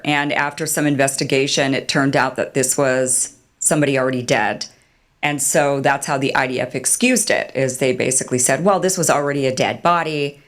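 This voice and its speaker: A woman giving animated, sarcastic online commentary and mocking others with put-on quotes. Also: sits low. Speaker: political commentator.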